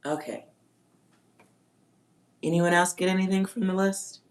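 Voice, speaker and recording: Lady doing a slow psychic reading on a livestream, muses along, spells words out, swears now and then. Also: lowish voice, steady tone. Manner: slow, musing, reads words and spells them out, swears offhand. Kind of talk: live-stream reading to chat.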